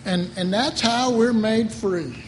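A man's voice: sits high, takes it slowly. A middle-aged man preaching a sermon in a rambling, conversational way, often repeating his words. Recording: reverberant hall, faint ambient noise.

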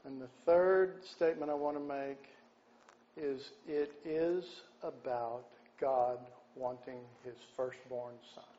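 A man preaching a sermon, folksy and unhurried, often clearing his throat. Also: mid-range voice, mellow. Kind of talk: sermon with an opening joke. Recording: dull lo-fi sound with faint background noise.

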